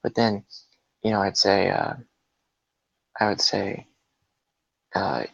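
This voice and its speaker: A man's voice: lowish voice, slow, vocal fry, no echo, lo-fi sound. A man in casual chat, rambling through a story with many fillers and laughing as he goes. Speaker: guest.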